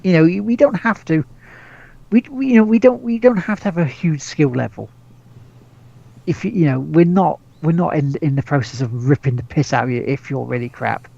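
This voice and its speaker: A man's voice: a little high, normal speed, creaky, warm tone, highs cut off. A man hosting a podcast in casual chat, rambling with lots of restarts, swearing and laughs. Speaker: podcast host.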